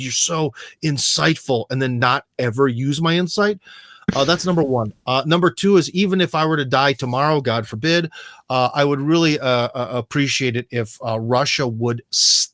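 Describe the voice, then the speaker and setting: A man, a guest in a casual interview, rambling and animated with plenty of jokes. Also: mid-range voice, no echo, clean studio sound. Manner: rambling, animated, joking, full of fillers. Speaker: guest commentator. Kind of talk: casual chat.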